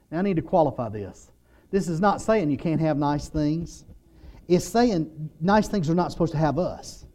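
A man's voice: fairly high pitch, animated, moderate pace, mellow. A man preaching a sermon, telling stories and acting out the lines of the people in them. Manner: storytelling, acts out quotes, imitates muffled "wah wah" voice.

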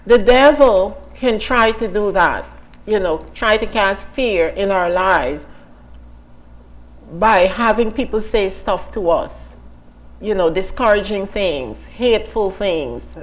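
A woman's voice: medium pitch, low-quality recording. A woman giving an informal sermon and testimony as a Bible teacher, talking conversationally with many asides and questions to her listeners.

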